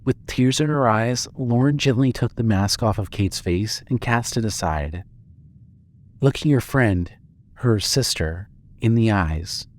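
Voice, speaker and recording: A man narrating a fan audio drama with steady storytelling. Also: fairly low pitch, measured pace.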